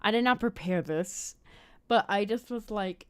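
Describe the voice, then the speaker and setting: A woman's voice: mid-range voice, measured pace, smooth. A woman hosting a casual movie chat, giggly and rambling as she thinks aloud. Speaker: host.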